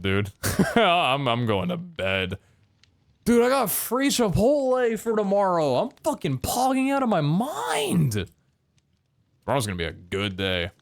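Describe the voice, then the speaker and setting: A man's voice: mid-range voice, a bit bright, smooth. A young man chatting casually and tiredly on a game stream, rambling, swearing and laughing often. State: tired, yawning.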